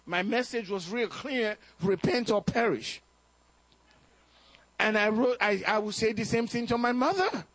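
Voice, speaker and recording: High-voiced man preaching a sermon. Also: lively intonation, moderate pace, hardly any pauses, a bit bright, no room sound. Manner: storytelling with acted quotes and laughs. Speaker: pastor.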